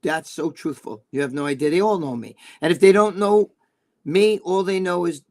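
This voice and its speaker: A man's voice: high-pitched, moderate pace. Rambling, foul-mouthed older Jersey man. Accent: New Jersey. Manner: crude, rambling storyteller, swears a lot. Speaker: podcast co-host. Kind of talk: casual chat.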